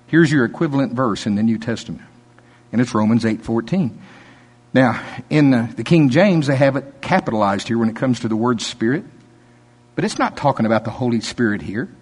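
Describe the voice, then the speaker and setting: A man's voice: mid-range voice, in a large hall. A middle-aged male pastor preaching a sermon, telling folksy stories with laughter and quoted voices.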